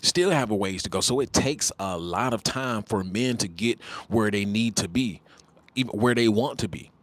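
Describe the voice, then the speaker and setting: Hosting a laid-back livestream, a twentysomething man with a fairly low voice speaks at an ordinary pace, bluntly trading slangy, mocking jabs and repeating himself.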